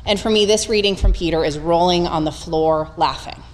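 A woman preaching a conversational, humorous sermon, retelling scripture with animated storytelling. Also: fairly low pitch, normal speed, in a large hall.

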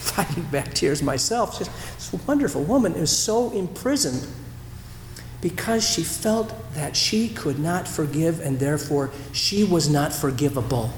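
A man preaching a sermon as a pastor, telling a story in a reflective way with pauses and restarts. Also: fairly high pitch, slight background noise. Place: church sanctuary. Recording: roomy church hall echo.

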